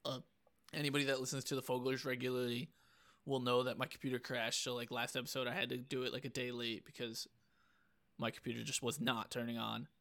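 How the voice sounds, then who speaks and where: A man's voice: medium pitch, little pitch movement, fairly quick, vocal fry, sharp tone. A young man co-hosting a casual podcast, rambling and swearing, with "like" in nearly every phrase. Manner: rambling, profane, full of "like". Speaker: podcast co-host.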